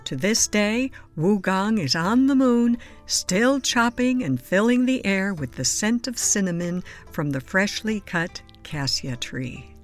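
A woman reading children's picture books aloud in a gentle, soothing storybook voice, sometimes dropping to a whisper. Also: mid-range voice. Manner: soft, slow and soothing, dropping to a whisper at times. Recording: dry close mic with faint music behind.

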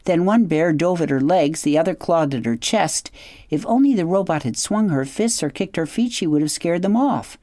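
A woman hosting a radio program, reading a children's novel aloud in an expressive, measured storytelling manner with hushed dramatic asides. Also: lowish voice, no room sound, studio quality. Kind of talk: scripted storybook narration.

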